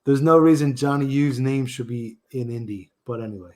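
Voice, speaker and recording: Dude on a sports podcast, emphatic, kinda rambly, normal pitch. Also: male voice, fairly quick, darkish tone. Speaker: podcast co-host. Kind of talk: casual sports podcast chat.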